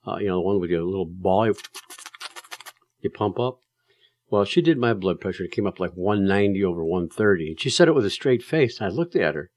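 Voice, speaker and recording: A man's voice: deep voice, lively intonation, a little fast, a little mellow. A man giving casual, emphatic advice to drivers, telling stories in a plain-spoken way with plenty of fillers.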